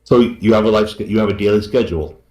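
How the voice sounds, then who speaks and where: A man's voice: on the low side, quick pace, warm tone. A man being interviewed as a guest author, talking earnestly and repeating his words, tearing up. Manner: earnest, repeats himself, grateful. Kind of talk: emotional interview talk. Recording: echoey room.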